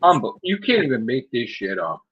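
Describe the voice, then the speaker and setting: A man's voice: medium pitch, sing-song, normal speed, muffled recording, a crowd in the background. A man, ranting profanely and mocking on a casual stream chat as host. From United States. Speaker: channel host.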